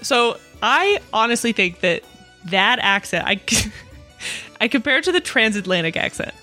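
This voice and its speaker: A woman's voice: fairly high pitch, big pitch swings, a little slow, pushed and bright, faint music behind. A young woman co-hosting a podcast with her father, chatty and giggly, with lots of "like" fillers. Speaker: podcast co-host, daughter. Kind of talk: casual chat.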